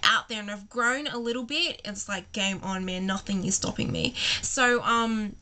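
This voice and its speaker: A woman's voice: medium pitch, moderate pace, pushed and bright. A young woman, telling a story to camera in a chatty, giggly way, full of likes and ums. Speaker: vlogger.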